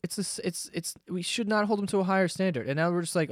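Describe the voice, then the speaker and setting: A young man from the United States talks straight into a close podcast mic, heated and profane as he vents. His voice sits a little high for a man, and the recording is dry with no room sound. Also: brisk, hardly any pauses, dry recording. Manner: animated, profane, exasperated ranting. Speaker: podcast host. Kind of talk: casual monologue rant.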